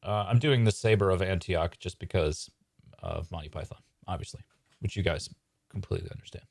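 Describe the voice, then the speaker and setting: A man's voice: deep voice, fairly quick, gravelly, darkish tone, no echo, clean studio sound. A man writing comedy live on stream, talking casually and hesitantly with many fillers. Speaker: sketch writer and streamer. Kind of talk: live sketch-writing chat.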